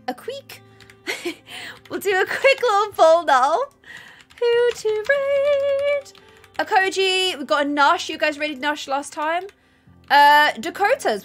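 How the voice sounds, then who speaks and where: A woman's voice: sits high, a bit bright. A young woman streaming a life-sim game, chatting casually and reacting to her chat. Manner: chatty, bubbly, reads chat aloud. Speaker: gaming streamer. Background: faint game music.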